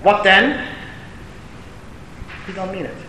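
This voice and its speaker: A man's voice: slow, pushed and bright. A man giving a Torah lecture as a rabbi answering a question, telling stories and rising to emphatic declamation, with Hebrew and Yiddish terms mixed in. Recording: echoey hall with faint rumble.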